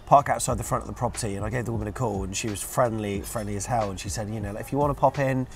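A man's voice: lowish voice, fairly even intonation, rapid-fire. Chatty male fan-channel co-host. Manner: chatty storyteller, reads out quotes. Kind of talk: casual chat review.

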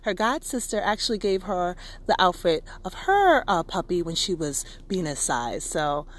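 A woman's voice: on the low side, lively intonation, normal speed. A young woman vlogging in a bubbly, gushing, chatty way. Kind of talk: casual vlog narration.

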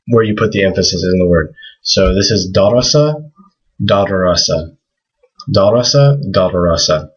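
A man with a very low, slightly husky voice explains a lesson in a relaxed, casual way, pausing on fillers and slowly repeating words to model them. The recording sounds dull and lo-fi. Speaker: language teacher.

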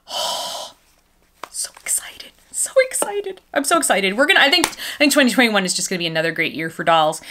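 A woman's voice: medium pitch, sharp tone. A woman chatting casually while unboxing and dressing dolls, gushing and goofy, with gasps and playful asides. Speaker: doll collector vlogger.

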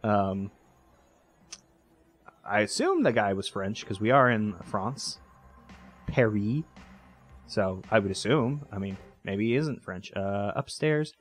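A man's voice: fairly low pitch, expressive, takes it slowly, long pauses, faint music behind. A man hosting a let's play, giving casual gameplay commentary that rambles, jokes and corrects itself as he goes. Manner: rambling, self-correcting, joking.

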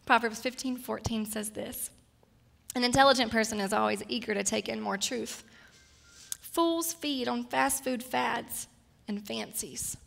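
Woman preacher in her thirties, storytelling sermon, slightly raspy edge. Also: on the high side, unhurried, a bit bright. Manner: personal, storytelling, gets emotional and tearful at times. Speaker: guest speaker.

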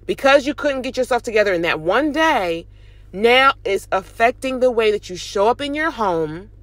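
A young woman and mom vlogger, driving while she gives an animated, chatty motivational talk. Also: on the high side, moderate pace, dry recording. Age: young adult. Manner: animated, chatty, preachy encouragement. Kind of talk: casual motivational talk to camera. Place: in a car, driving.

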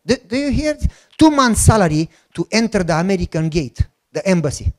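A middle-aged male pastor with a fairly high voice tells a testimony from the pulpit. He plays out each side of the dialogue as he goes, and at times he sinks into a low, hushed voice. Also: a little fast. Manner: animated storyteller, acts out dialogue; drops to a soft low voice at moments. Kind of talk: sermon testimony.

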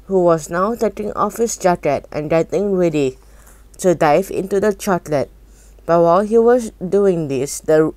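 A woman reading a children's book aloud, unhurried and steady. Her voice sits low and moves very slowly, with a dry, close sound. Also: dry recording. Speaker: storybook reader.

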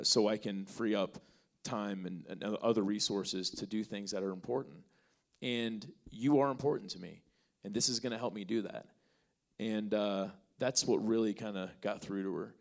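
A male podcast host answering an audience question in front of a live crowd and telling a story with acted dialogue. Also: on the low side. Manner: acts out both sides of a conversation; relaxed, with many fillers.

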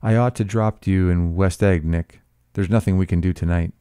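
Male reader as a domineering rich man, gruff and decisive, deep, clear, dry tone. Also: steady tone, moderate pace, warm tone, no echo, close to an everyday voice. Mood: firm. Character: gruff, commanding wealthy man, middle-aged.

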